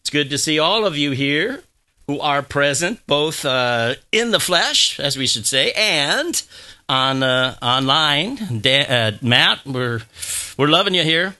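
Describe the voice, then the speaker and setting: Male pastor, middle-aged, lively rising and falling voice, conversational sermon, repeats himself. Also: a little high, slow pace. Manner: conversational, repeats phrases, leads the congregation in call-and-response.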